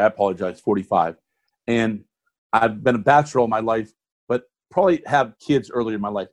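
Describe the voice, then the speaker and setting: A man in his forties, a guest on an interview show, talking in a rambling, friendly, folksy way. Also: on the low side. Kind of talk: casual interview talk.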